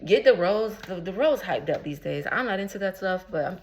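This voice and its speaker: A woman's voice: mid-range voice, lively intonation, a little fast. A woman spiritual coach talking casually in a vlog, slangy and rambling, with lots of filler words and amused at her own jokes. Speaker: spiritual coach and womb healer. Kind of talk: casual motivational vlog talk.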